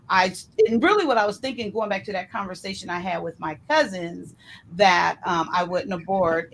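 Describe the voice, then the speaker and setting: A woman casually telling a personal story in an animated way, acting out what others said to her. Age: adult. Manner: animated, re-enacts others' words with shifting pitch.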